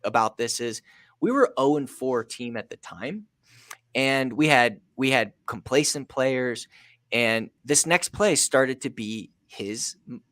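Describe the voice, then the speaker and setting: Energetic man telling a story, dry sound. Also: mid-range voice, takes it slowly, dry recording. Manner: energetic, emphatic, acts out a coach's pep talk. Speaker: podcast guest, sales coach. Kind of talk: storytelling in an interview.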